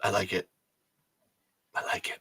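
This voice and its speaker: A man's voice: a little slow, bright, forceful tone, dry recording. A man hosting a casual livestream, rambling and joking with his viewers. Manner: rambling, jokey, swings into high squeals. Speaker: podcast host.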